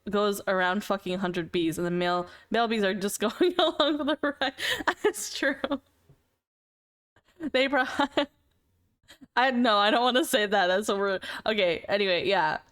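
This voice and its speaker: A young woman livestreamer chatting casually with her viewers, giggling often and repeating words as she talks. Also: mid-range voice. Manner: giggly, laughs often between sentences. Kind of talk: casual chat with stream viewers.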